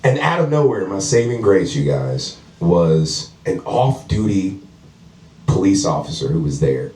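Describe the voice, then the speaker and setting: A man performing profane, animated stand-up storytelling at a house comedy show, acting out the people in his story. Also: low-pitched, a little slow. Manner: animated, profane, acts out characters. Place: house party comedy show with live audience. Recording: echoey room, distant mic, audience laughter.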